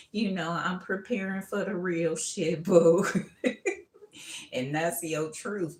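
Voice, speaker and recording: A middle-aged woman reads tarot on a casual live stream, brash and loud with frequent laughter. She calls her listeners boo and baby in a lowish voice. The room around her rings with echo. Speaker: tarot reader.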